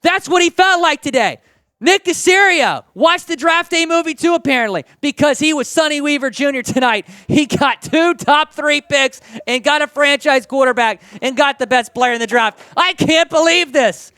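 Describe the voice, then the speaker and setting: A man from Houston hosting a sports news show, commenting in an excitable, gushing way. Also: very high-pitched, no room sound. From Houston, Texas. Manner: excitable, gushing, swings between quick and drawn-out delivery.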